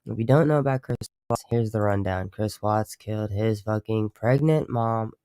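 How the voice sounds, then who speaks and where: A man's voice: on the low side, moderate pace, warm tone, smooth, no echo, studio quality. Rambling, cussing male streamer. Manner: rambling, profane, self-interrupting. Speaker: livestream host. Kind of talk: casual live stream chat.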